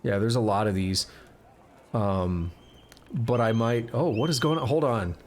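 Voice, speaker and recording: A man's voice: on the low side, unhurried, a little mellow. A man streaming a game live, chatting casually and reading in-game text aloud, stumbling over words and correcting himself.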